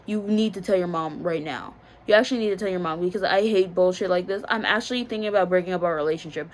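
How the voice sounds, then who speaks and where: A pushy young man, manipulative and insistent, speaking low and quiet, as a woman imitates him while telling her story. He presses the same demands again and again in a soft tone. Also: fast talker, lightly acted. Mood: demanding.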